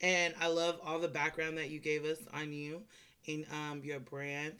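Bright-toned chatty woman podcast host. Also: deep voice, unhurried, smooth. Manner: chatty, laughs often, excitable. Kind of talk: casual interview chat. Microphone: video call.

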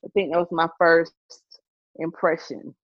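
A woman's voice: low voice, little pitch movement, unhurried, no echo. A woman co-hosting a podcast in casual chat, asking questions and thinking aloud. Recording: dull, very dry sound.

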